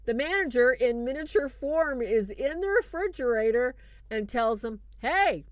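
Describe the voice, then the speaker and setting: A woman hosting a show, retelling a film in casual, animated commentary with fillers and restarts, turning earnest when she draws lessons. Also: on the high side, normal speed, slight background noise. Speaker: host reviewing a film.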